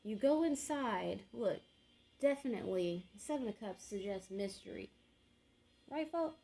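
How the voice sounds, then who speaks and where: A woman's voice: medium pitch, animated, unhurried, gravelly, warm tone, poor audio. A woman reading tarot cards, musing and murmuring card words to herself in a slangy, chatty way. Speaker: tarot reader.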